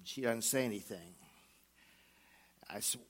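A middle-aged man telling a first-person story as a mechanic and church elder, halting and hesitant with many pauses. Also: on the low side. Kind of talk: first-person dramatic monologue.

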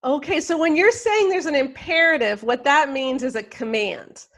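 A woman with a notably high voice interviews a guest. She asks clarifying questions. She sums up the answers in simple, plain words. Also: moderate pace, fairly bright tone.

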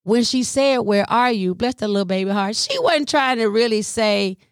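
A middle-aged woman caring for her mother, telling a personal story in an animated, colloquial way and sometimes dropping into a whisper. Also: a little high, moderate pace, no echo, studio quality. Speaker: family caregiver.

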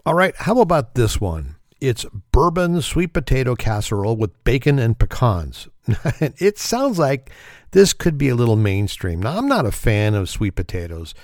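Guy hosting a podcast, sarcastic and chuckly, mid pitch, dry close sound. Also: big pitch swings, moderate pace, no echo. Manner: wry, sarcastic, laughs often. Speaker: podcast host. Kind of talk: casual comedic chat.

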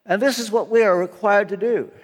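A man's voice: high voice, a little fast. An older man preaching a sermon, telling a personal story in an earnest, emphatic way. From United States. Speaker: guest preacher. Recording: long hall reverb.

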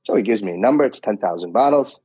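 A man being interviewed who tells animated stories, acts out quoted dialogue and often restarts his sentences. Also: on the low side, fast talker, slightly rough, rough recording. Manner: frequent restarts and repeated words. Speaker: guest, doctor and wine importer. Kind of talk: conversational storytelling.

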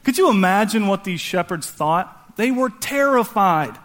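A male pastor delivers a lively sermon with a high, light voice. He retells scripture in casual, slangy terms and jumps into playful voices for the characters. The tone is conversational and energetic. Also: unhurried. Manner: animated storytelling, acting out voices with slang.

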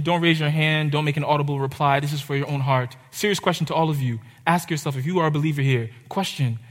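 A young man preaching a sermon, urgent and impassioned, with dramatic pauses. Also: a little high. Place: church hall. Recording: reverberant hall.

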